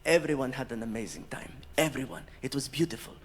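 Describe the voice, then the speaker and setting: A man on stage voicing a gracious, formal nineteen-year-old prince, slow and polite. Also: mid-range voice, slight background noise, pitched below the performer's own voice, natural voice. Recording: live stand-up in a reverberant hall.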